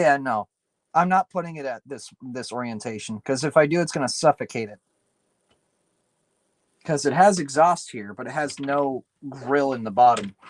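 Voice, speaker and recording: A tired man, up late, livestreams himself building a PC, muttering, swearing and rambling as he works. His medium-pitched voice comes through a very noisy recording, and his manner is rambling and self-deprecating.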